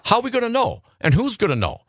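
Male radio host, animated and questioning, a bit high-pitched, dry studio sound. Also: fast talker, no room sound. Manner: animated, rhetorical questions, repeats himself. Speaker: radio talk show host. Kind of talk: casual political talk radio.

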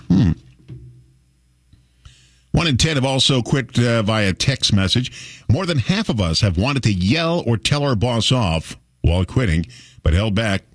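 A man's voice: on the low side, no echo, clean studio sound. A middle-aged man hosting a radio show, talking in a chatty, wry way and chuckling often. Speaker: radio host. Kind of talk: casual radio talk.

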